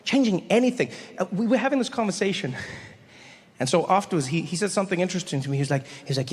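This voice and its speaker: A man doing stand-up comedy, telling animated stories and acting out voices, with reverb from a large hall. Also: sits high, very fast. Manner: animated, storytelling with acted-out voices. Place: comedy stage.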